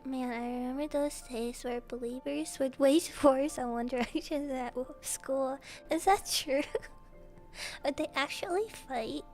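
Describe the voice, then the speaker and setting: Giggly high-voiced woman streamer. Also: gravelly, a little mellow. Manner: giggly and playful, laughs often between lines; joking, self-mocking princess bits. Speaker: streamer answering viewer questions. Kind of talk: casual Q&A chat.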